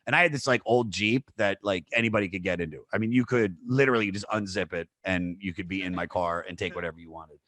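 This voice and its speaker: A man in his thirties hosting a podcast, telling a crude, animated story full of fillers. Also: low-pitched, fast talker, few pauses, dry recording. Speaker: podcast host. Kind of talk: casual storytelling chat.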